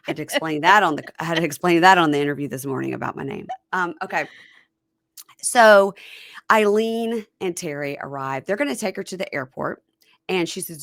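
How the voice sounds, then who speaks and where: A woman's voice: lowish voice, a little fast, creaky, no echo, clean studio sound. A woman hosting a podcast, recapping a reality show in casual chat and acting out the people's lines as she tells it. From Southern United States. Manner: animated storytelling, acting out quotes. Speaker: podcast host.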